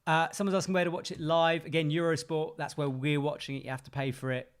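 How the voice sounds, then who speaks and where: A man's voice: on the high side, little pitch movement, fast, smooth. A man co-hosting a livestream, giving casual, jokey watch-along commentary and reading out viewer comments. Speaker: co-host of a livestream.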